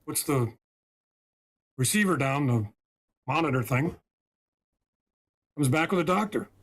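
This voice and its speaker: A man's voice: on the high side, expressive, unhurried, a bit bright. A man from the United States telling a story as a podcast guest and spiritual healer, emphatic and often checking in with "right?" and "okay?".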